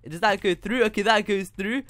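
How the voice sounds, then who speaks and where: Excitable high-voiced young man gaming. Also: fairly quick, no echo. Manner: excitable, talks to himself, says dude a lot. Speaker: gaming YouTuber. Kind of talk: casual Minecraft gameplay commentary.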